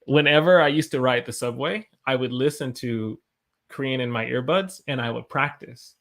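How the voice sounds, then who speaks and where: A man's voice: medium pitch, moderate pace, a bit bright. A young man hosting a live English lesson, chatting and encouraging as he reads out viewer comments. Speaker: English teacher, livestream host.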